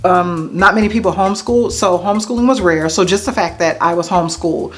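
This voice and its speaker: A woman's voice: lowish voice, fast talker, soft background music. A woman in her thirties from the United States chatting casually to camera, answering questions with self-mocking asides to viewers. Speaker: vlogger. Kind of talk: casual to-camera Q&A tag video.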